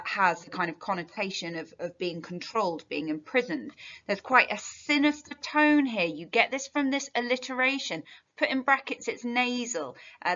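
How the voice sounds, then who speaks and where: A woman with an English accent, a literature teacher giving a revision lesson with clear, emphatic explanations. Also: mid-range voice, pushed and bright. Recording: dull lo-fi sound.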